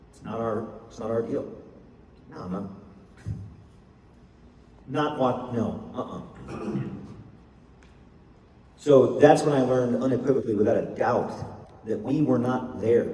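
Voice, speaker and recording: A man's voice: fairly low pitch, dark tone, slight background noise. Emphatic older man in an echoey hall. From United States. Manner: measured, emphatic storytelling with pauses. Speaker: speaker. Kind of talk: public talk. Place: university lecture hall. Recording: echoey hall, mic far off.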